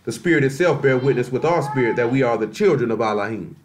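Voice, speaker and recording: A man's voice: mid-range voice, lively intonation, fast talker, a little hiss or hum. A man preaching a sermon in a blunt, colloquial, scolding way, weaving in scripture readings.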